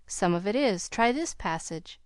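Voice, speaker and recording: A woman voicing a kind, earnest young male tutor in an audiobook, speaking gently and encouragingly. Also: medium pitch, expressive, measured pace, clean tone, no room sound, studio quality, lightly acted. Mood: gentle.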